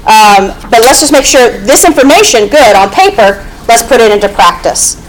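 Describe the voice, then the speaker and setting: A woman's voice: on the high side, lively intonation, moderate pace, a little hiss or hum, poor audio. Woman teaching math to a class. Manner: explanatory, repeats "okay?" to check understanding. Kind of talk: classroom lecture.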